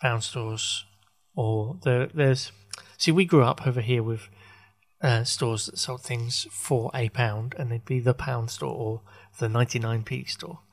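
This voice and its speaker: A man muses aloud on his podcast in a loose, unscripted ramble. He stops and restarts often, hunting for words, and slips in dry asides. His voice sits at an everyday middle pitch for a man. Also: steady tone. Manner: halting, full of fillers and self-corrections, wry. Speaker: podcast host. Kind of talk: rambling casual monologue.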